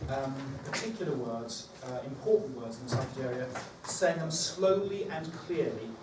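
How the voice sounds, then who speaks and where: A medium-pitched, animated male voice at a moderate pace runs a teacher training workshop, chatting and thinking aloud with fillers. The room is echoey, the mic far off, and background noise is present.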